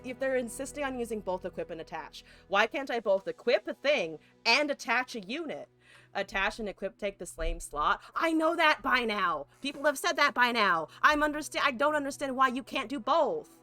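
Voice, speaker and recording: A woman's voice: sits high, animated, moderate pace, sharp tone, soft background music. A woman streamer ranting with exasperation while playing a card game, swearing and firing off rhetorical questions.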